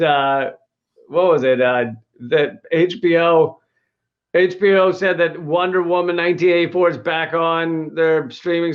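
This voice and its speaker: A man hosting a casual comedic chat, rambling with many fillers, restarts and laughs. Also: fairly high pitch. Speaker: podcast host. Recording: dull lo-fi sound.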